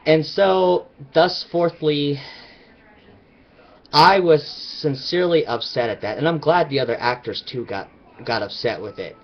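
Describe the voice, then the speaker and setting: A man's voice: a little high, unhurried, muffled recording. A man vlogging his opinions in a rambling, emphatic casual rant.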